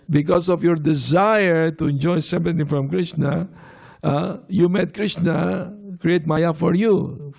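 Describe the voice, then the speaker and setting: A man giving a devotional lecture, telling anecdotes with soft laughs and frequent fillers. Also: on the high side, unhurried, vocal fry. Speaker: swami giving a class.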